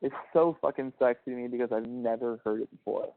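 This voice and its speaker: Man, mid-pitched voice, affectionate, laughs often, heavy swearing, lo-fi phone sound. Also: quick pace. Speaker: caller on a prison phone call. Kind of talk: casual phone chat. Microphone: telephone. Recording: tinny phone line.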